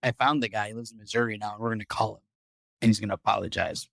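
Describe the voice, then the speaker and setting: A man's voice: on the low side, fairly even intonation, racing, creaky, a bit bright, no echo. Rambling, profane male podcast host. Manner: rambling, profane, repeats words. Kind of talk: casual storytelling.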